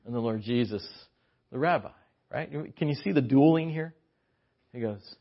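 A man preaching a sermon as an animated, joking storyteller, on a dull lo-fi recording. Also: mid-range voice, fairly quick.

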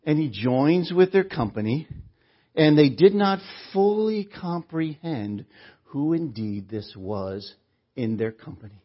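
Earnest male preacher, breathy high voice. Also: animated, slow. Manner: earnest, questioning, rhetorical. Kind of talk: sermon. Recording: dull lo-fi recording.

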